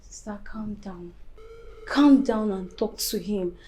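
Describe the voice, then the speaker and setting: An actress playing a woman who calmly soothes and placates her upset sister. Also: medium pitch, takes it slowly, close to an everyday voice. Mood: soothing. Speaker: sister calming a friend down.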